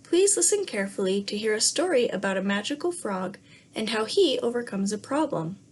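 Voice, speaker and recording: Breathy woman reading a story to young children. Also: medium pitch, very animated, brisk. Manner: gentle, asks the class questions. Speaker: teacher. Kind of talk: read-aloud lesson for young children.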